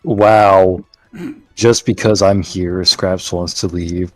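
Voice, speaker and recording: A man's voice: low voice, steady tone, slow pace, faint music behind. A man joining a game stream as a friend, trading teasing, dry banter. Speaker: co-host friend. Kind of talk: casual banter.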